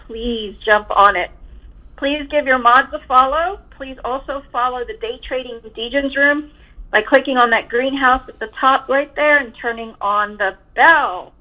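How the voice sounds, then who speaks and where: A woman co-hosting a live trading stream, reading the welcome and follow reminders in a brisk, friendly way. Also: on the high side, narrow, tinny audio. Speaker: co-host and moderator. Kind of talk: scripted stream announcement.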